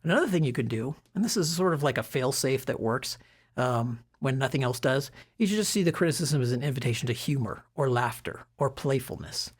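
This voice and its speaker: A middle-aged man with a husky voice, giving self-development advice in a relaxed, conversational way with frequent fillers and restarts. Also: medium pitch, fairly quick. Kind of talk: casual talk to camera.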